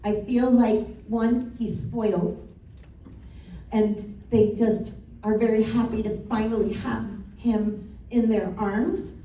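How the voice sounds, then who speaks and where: A woman's voice: fairly high pitch, fairly even intonation, slow pace, mellow. A woman psychic medium giving a live reading in a casual, blunt way, swearing and laughing. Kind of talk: live spirit-message reading. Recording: echoey room from a distance.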